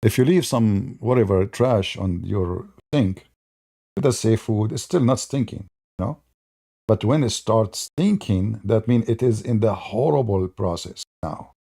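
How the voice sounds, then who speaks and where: Man, gravelly, sarcastic debate-show host with a mellow, dark tone. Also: lively intonation, a little slow, no room sound, clean studio sound. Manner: mocking, sarcastic, imitates opponents in high voices. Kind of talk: polemical monologue.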